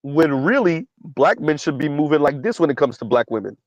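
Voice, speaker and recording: A man's voice: on the high side, sing-song, a little fast, no room sound, rough recording. A man hosting a casual commentary stream who reads viewer comments aloud, keeps asking "right?", and has a dry cough. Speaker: commentary channel host.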